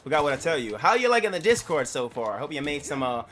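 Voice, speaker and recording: A man's voice: fairly high pitch, big pitch swings, quick pace, fairly bright tone. Rambling New streamer guy. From New York. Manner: rambling, profane, laughs at himself. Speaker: game streamer. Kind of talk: casual live-stream chatter. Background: game music.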